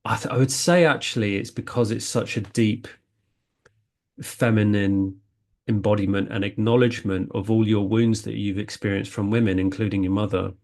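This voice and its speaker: Earnest man with a gravelly voice. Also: lowish voice, fairly even intonation, moderate pace, darkish tone. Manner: earnest, rambling, with frequent restarts. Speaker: spiritual healing coach. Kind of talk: casual spiritual talk.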